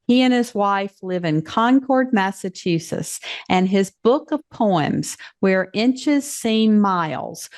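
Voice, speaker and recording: A woman in her seventies hosting an author interview show, reading a measured scripted introduction and asking questions. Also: medium pitch, a little mellow. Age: 70s. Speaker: podcast host.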